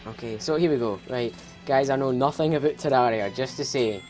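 A man's voice: mid-range voice, brisk, hardly any pauses, darkish tone. A young Scottish man chatters his way through a video game in a loose, rambling commentary. He mocks himself, laughs often and swears freely, with a middling voice and game music playing behind him. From Scotland. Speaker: let's play host. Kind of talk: casual gameplay commentary.

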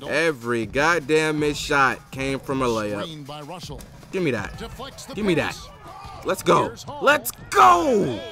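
A young man commentating his own basketball video game, loud and exasperated, yelling and swearing at the players. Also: on the high side. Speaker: gaming YouTuber. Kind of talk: live gameplay commentary. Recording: game music behind the voice. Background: game music and basketball commentary.

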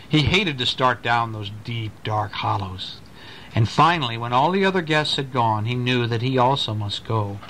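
Man reading a spooky bedtime story to a kid, lively, gravelly voice, bright tone. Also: mid-range voice, slight background noise. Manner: animated, asks the listener questions about the pictures.

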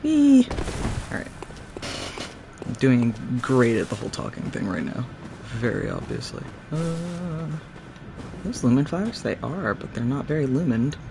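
A man streaming a video game, reacting out loud, swearing at enemies and chatting to animals on screen. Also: mid-range voice, sing-song, normal speed, gravelly, long pauses, background noise. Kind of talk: live gameplay commentary.

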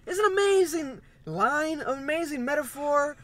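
Bright, lively, playful young man. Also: very high voice, a little slow. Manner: playful, joking, excitable. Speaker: music reaction co-host. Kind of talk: casual chat.

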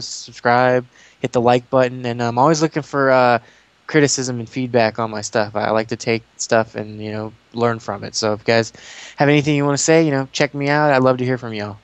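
Casting note: male YouTube guest, rambling storyteller, mid-pitched, dry close recording. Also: smooth, no room sound. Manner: rambling, animated storytelling with restarts. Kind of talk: casual interview chat.

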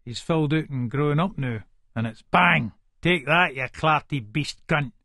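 A man's voice: fairly high pitch, unhurried, sharp tone, no echo, clean studio sound, heavily acted. An actor with an Edinburgh Scots accent voicing a crude, gossiping male pub drinker in an audiobook. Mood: gloating. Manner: crude, boastful.

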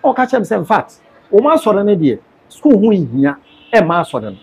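A man being interviewed, earnestly telling a personal story in a measured way. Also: high-pitched, sing-song, creaky, breathy edge.

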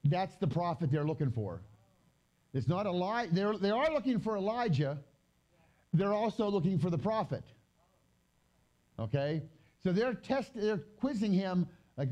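Lively, mellow-voiced man teaching scripture. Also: high-pitched, lo-fi sound. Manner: reads scripture aloud slowly, then explains it in loose chatty asides. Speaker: Bible teacher. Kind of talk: conversational Bible teaching with slides. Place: gathering hall during a live-streamed event.

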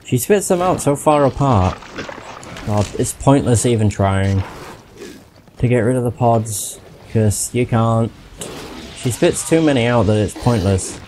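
A man talks through his game session in a dark, mellow voice, muttering to himself and swearing often. His talk is casual and frustrated. A faint hiss of noise sits underneath. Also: medium pitch, animated, measured pace. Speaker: gamer doing a playthrough. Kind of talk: casual gameplay commentary.

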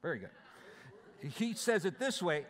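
Pastor preaching in a reverberant church. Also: male voice, high-pitched, sing-song, a little slow, fairly bright tone. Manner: conversational, explaining scripture verse by verse. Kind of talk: sermon. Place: church sanctuary. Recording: church hall with long reverb.

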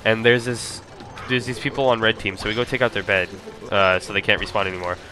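A man's voice: fairly low pitch, fairly even intonation, brisk, over music. A man casually commenting on his own speedrun, rambling with lots of "like" and "um". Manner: rambling, full of "like" and "um".

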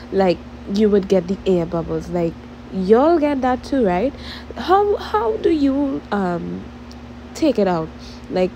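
A woman's voice: medium pitch, mellow, a little hiss or hum, rough recording. A young woman from Trinidad with a Trinidadian accent, chatting casually and rambling to her viewers as a vlogger. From Trinidad and Tobago. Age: young adult.

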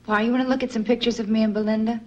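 An actress playing a young woman, a horse-riding daughter, soft-spoken and resigned. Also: a little high, level tone, very fast, dull audio, natural voice. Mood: wistful. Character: young woman rider, wistful, weary daughter. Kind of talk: TV film drama acting. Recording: film audio with background noise.

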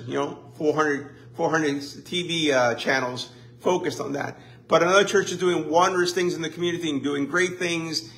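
A pastor preaching a conversational sermon in a church, with lively asides and mock complaints. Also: male voice, on the high side. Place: church sanctuary.

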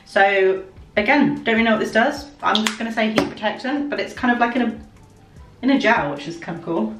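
A woman's voice: mid-range voice, a little fast, music in the background. A young woman, chatting casually and self-mockingly as she gets ready on camera. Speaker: beauty vlogger. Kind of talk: casual vlog chat. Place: home bedroom at a mirror. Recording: echoey room.

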